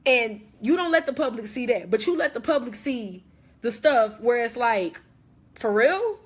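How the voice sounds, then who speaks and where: A woman's voice: lowish voice, unhurried, fairly bright tone. A young woman playing a dramatic ex-best friend who rambles through a slangy, repetitive rant on a phone livestream. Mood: heated, indignant. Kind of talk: comedic social media live rant.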